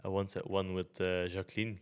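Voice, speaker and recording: A man's voice: deep voice, flat delivery, a little fast, clear, resonant tone. A man from Belgium hosting a podcast, telling anecdotes with stammering restarts and dry humor. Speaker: podcast host. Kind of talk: casual podcast chat.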